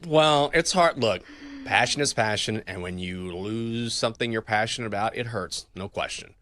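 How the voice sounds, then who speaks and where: A man's voice: fairly low pitch, moderate pace, fairly bright tone. A man hosting a sports talk show, joking playfully with his co-hosts. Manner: joking, playful, slips into mock voices.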